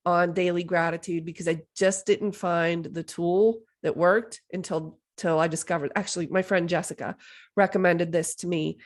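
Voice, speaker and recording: A woman's voice: on the low side, steady tone, moderate pace. A woman in her thirties hosting a solo podcast, chatty and enthusiastic, with lots of "like" and "you know". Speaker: podcast host. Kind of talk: casual solo podcast talk.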